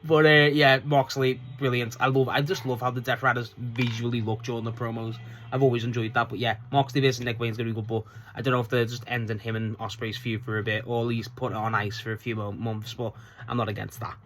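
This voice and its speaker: A man rambles through a wrestling show review, swearing freely and tripping over restarts. His voice sits at an ordinary middle pitch for a man, casual and unpolished. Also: level tone, quick pace, fairly bright tone, a little hiss or hum.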